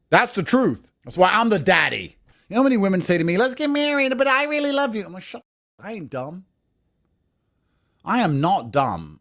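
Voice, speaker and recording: A man delivering a crude, lecturing rant as an online commentator. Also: high-pitched. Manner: mocks others in put-on voices. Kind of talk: profane reaction rant.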